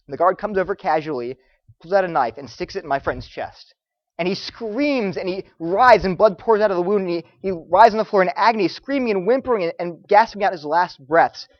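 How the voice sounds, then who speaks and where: A man lecturing students, telling stories in an animated way and acting out the voices of the people he quotes. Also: sits high, no echo, muffled recording. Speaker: Christian apologetics speaker.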